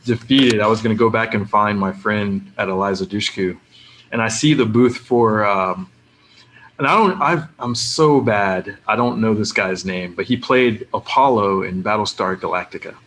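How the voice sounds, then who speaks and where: A man, a guest on a podcast, telling anecdotes in a lively, casual way and acting out the people he quotes. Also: lowish voice, normal speed, a little hiss or hum. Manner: animated storyteller who acts out the people he quotes.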